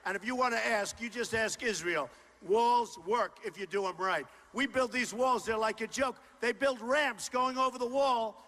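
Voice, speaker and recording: This is a campaign rally speech from a political candidate, a man whose voice is high and bright, heard through a stage microphone in a large indoor university hall. He talks at normal speed in boastful, repetitive, punchy bursts and often shouts to the crowd. Long reverb fills the recording over a faint bed of crowd noise.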